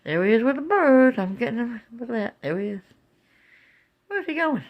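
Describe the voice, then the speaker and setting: Animated woman vlogging from home. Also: a little high, normal speed, dull audio. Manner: animated, coos and exclaims, talks to viewers as "guys". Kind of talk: casual home video narration. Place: home, filming out a window.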